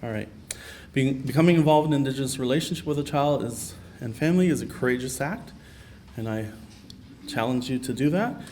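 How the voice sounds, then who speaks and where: A man of middle pitch delivers a conference keynote, earnest and personal, often pausing on fillers as he tells his story. A faint hiss of room noise sits under his voice. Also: a little mellow. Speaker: keynote speaker. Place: conference hall.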